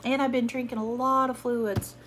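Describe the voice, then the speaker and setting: A woman chatting casually to her viewers at home while sick, hoarse and coughing, rambling and apologetic. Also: a little high, flat delivery, normal speed, fairly bright tone, a little hiss or hum. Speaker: haul vlogger. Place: at home, sitting.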